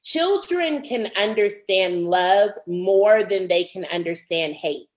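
A woman's voice: mid-range voice, animated, slow, rough recording. A woman in her thirties, a pastor and author, speaking earnestly as a podcast guest, with heartfelt emphasis and repetition as she builds each point. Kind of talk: earnest interview conversation.

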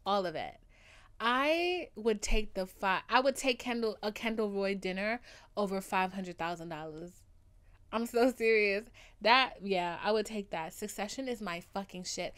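A woman's voice: medium pitch, fairly bright tone, clean tone. Overdramatic, gushing young woman podcaster. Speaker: podcast host. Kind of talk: casual solo podcast monologue.

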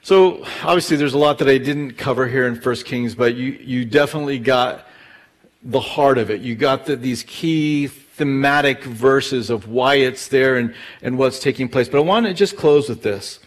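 A middle-aged man, a pastor teaching verse by verse through a Bible book in a relaxed storytelling way, with fillers and retold dialogue. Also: medium pitch, moderate pace.

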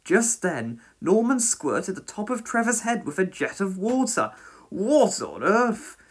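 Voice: mid-range voice, measured pace, husky. A reader narrating a children's storybook aloud and voicing every character. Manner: expressive, reads every character in a different voice.

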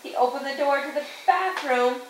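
Woman, higher voice, patient read-aloud storyteller; roomy echo, far from the mic, faint hiss. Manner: slow, patient storytelling with sound effects. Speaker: parent reading to a small child. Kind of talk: reading a picture book aloud. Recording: echoey room, distant mic, faint hiss.

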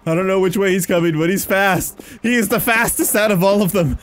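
A man giving excitable let's-play commentary, mocking enemies and yelping and screaming when chased. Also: sits high, a little fast, a little hiss or hum. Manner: playful, mocks the enemies. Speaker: gaming commentator.

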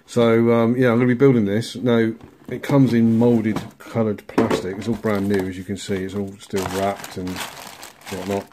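A man hosting a casual model-building bench update, relaxed and rambling, chuckling at himself now and then. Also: fairly low pitch, moderate pace, background noise. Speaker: scale model builder, channel host.

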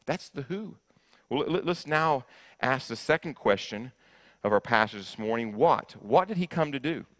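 A man preaching a sermon, emphatic, often repeating his first words, swinging from loud stresses to soft, intense lines. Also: medium pitch, lively intonation, normal speed. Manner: emphatic, repeats words when starting sentences. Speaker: guest preacher. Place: church sanctuary.

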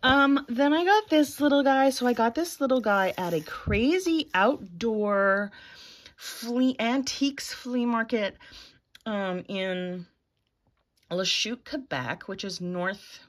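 Taking it slowly, a woman in her forties chats about her vintage toy finds in a show-and-tell vlog, full of fillers and small laughs. She has a fairly high, expressive voice.

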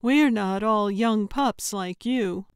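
A woman voicing a worn-out, frightened older woman who speaks plaintively and higher than her narration. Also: slow, clean tone, dry recording, clean studio sound. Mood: tired scared.

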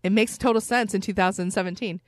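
Middle-aged lady cohosting a chatty podcast, excitable storyteller, dry close mic. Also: mid-range voice, fast talker, no room sound. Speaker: podcast co-host. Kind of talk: casual chat.

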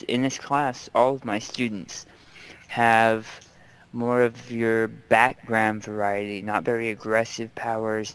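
A man voicing a calm male superhero instructor. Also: lowish voice, clean tone. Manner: plain quoted speech, no accent attempted.

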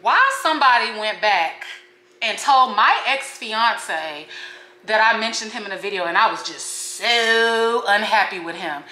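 A young woman vlogger ranting casually to her viewers at home, slangy and animated as she talks straight to camera. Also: medium pitch, moderate pace. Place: home kitchen. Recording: echoey room.

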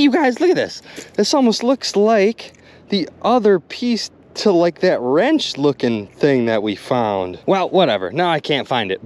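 A man commenting excitedly to his viewers while magnet fishing outdoors by a river. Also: fairly high pitch. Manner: excitable, addresses viewers as "you guys".

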